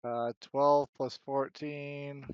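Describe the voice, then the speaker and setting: A man's voice: medium pitch, level tone, extremely slow, clean tone, no room sound. A man playing a tabletop game, working out his dice math aloud. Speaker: player. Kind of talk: casual tabletop game play. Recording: slightly muffled lo-fi audio.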